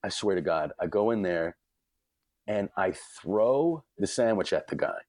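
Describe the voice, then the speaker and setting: A man's voice: sits low, expressive, a little slow, darkish tone, dry recording, clean studio sound. A man, a podcast guest, telling a comic story with big energy, often laughing mid-sentence and acting out the quotes.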